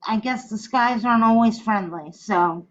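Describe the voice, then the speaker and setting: A woman's voice: fairly high pitch, normal speed. A woman co-hosting a podcast in casual chat, hesitating with many fillers. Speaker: podcast co-host. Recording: dull lo-fi podcast audio.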